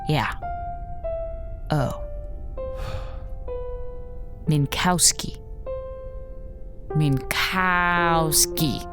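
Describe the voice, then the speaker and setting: An actress playing a stern female space station commander whose first language is Polish, speaking with measured control in an audio drama. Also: low-pitched, heavily acted. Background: music under the dialogue.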